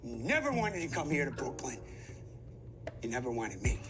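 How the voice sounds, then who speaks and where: Steve, a furious husband. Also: male voice, medium pitch, sing-song, moderate pace, a bit bright, faint music behind. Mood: bitter. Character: angry middle-aged husband refusing to leave. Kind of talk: TV drama acting.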